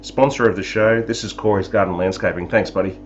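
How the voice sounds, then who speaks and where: A man's voice: lowish voice, steady tone, fairly quick. An Australian man hosting a live talk show, chatting casually with jokes and sarcasm. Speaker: show host. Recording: dull lo-fi sound, faint music.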